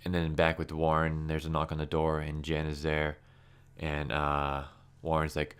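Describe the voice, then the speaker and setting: A man talking through a comic in casual commentary, his tone sarcastic and fed up. His voice sits low, smooth and clean. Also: completely flat delivery, normal speed. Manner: sarcastic, exasperated. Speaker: comic book reviewer.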